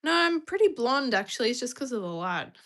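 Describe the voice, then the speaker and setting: A woman's voice: a little high, very animated, fairly quick, creaky, fairly bright tone. A young British woman chatting casually on a live stream, giggly and rambling, calling out to her pet now and then.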